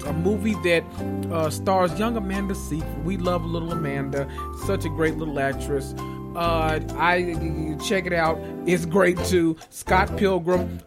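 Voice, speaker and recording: A man hosting a solo podcast, rambling enthusiastically about movies he loves and talking to listeners as y'all. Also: on the high side. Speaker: podcast host.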